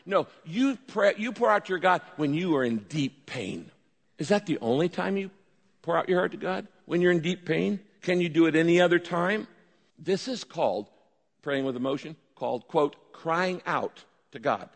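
A male pastor delivers a lively sermon with a somewhat high voice, slipping into raised, pleading voices when he acts out prayers. His words ring out with the long reverb of a large church hall. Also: normal speed, vocal fry.

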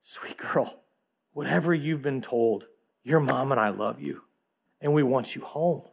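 A male preacher voicing a heartbroken father in his late fifties, pleading softly with his lost daughter. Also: medium pitch, moderate pace, creaky, husky. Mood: tender. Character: heartbroken middle-aged father pleading gently.

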